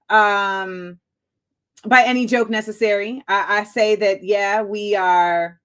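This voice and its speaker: A woman hosting a live-streamed talk show, chatty and excitable and laughing often as she greets viewers. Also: medium pitch. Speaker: host.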